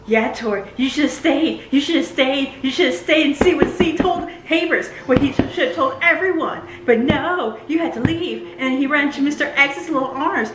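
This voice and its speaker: A woman reacting to and reviewing a TV series, excitable, talking back to the screen and laughing often. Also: high-pitched, normal speed, few pauses, echoey room, background noise.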